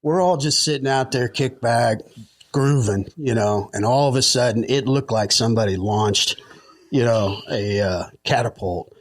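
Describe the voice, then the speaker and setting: A middle-aged man spins a loose, rambling yarn, chuckling and padding his stories with fillers. His pitch sits in an ordinary middle range, and the sound is close and dry, with no room around it. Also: normal speed, no room sound. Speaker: podcast guest. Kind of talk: casual storytelling.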